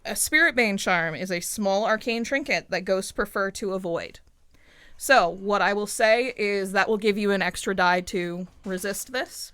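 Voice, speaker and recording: A woman narrating a tabletop game as game master, relaxed and conversational. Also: medium pitch, moderate pace, clean tone, no echo. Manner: relaxed, conversational, with frequent "like" fillers.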